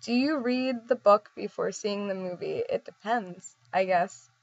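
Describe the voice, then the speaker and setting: Young woman, casual vlogger, rambling and giggly, middling pitch, dry lo-fi recording. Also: a little slow, gravelly, no echo. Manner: rambling, giggly, self-deprecating. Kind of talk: casual chat.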